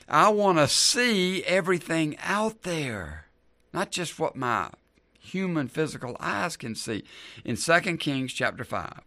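A man's voice: a little high, very animated, measured pace, pushed and bright, dry recording. A man preaching a sermon as a pastor in an easygoing, conversational way, repeating key lines for emphasis.

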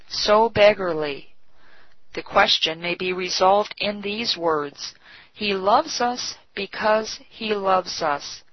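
A woman giving a solemn, measured scripted devotional reading. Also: medium pitch, no room sound. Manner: slow, solemn, measured delivery. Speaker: devotional reader. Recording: dull, dry lo-fi recording.

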